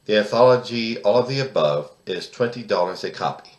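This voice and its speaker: A man's voice: on the low side, lively intonation, fairly quick, echoey room. A man of about sixty, from the United States, giving political commentary in an emphatic, indignant way, often repeating words and restarting his sentences. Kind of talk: solo commentary to camera.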